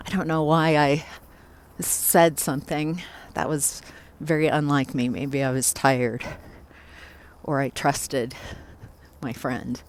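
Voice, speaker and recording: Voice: mid-range voice, takes it slowly. A psychic medium casually telling a first-person ghost story, reflective and loose, with filler words.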